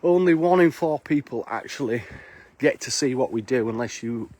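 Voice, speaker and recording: A chatty man hosts a live walking stream outdoors on snowy streets, greeting his viewers one by one. His voice sits at an ordinary middle pitch. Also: moderate pace, darkish tone. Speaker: live-stream host and bar worker.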